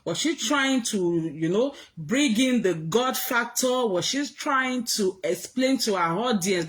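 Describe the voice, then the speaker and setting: A woman chatting casually on a livestream, mocking someone and greeting viewers by name. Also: mid-range voice. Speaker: livestream host. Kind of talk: casual gossip commentary.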